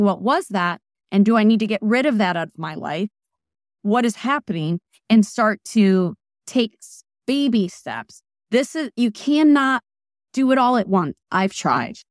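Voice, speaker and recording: A woman in her forties talks as an interview guest, emphatic and lively, piling one aside onto the next. Her voice sits at an ordinary middle pitch. The sound is dry and close, with no room around it. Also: dry recording. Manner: emphatic and animated, jumping between asides. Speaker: guest, wellness practitioner. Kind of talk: casual interview talk.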